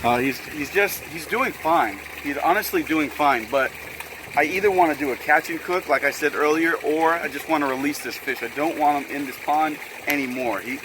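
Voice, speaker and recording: A man's voice: fairly high pitch, normal speed, noisy background. A young man vlogging casually to camera in a home room full of aquarium tanks, chatty and jokey, often calling his viewers guys.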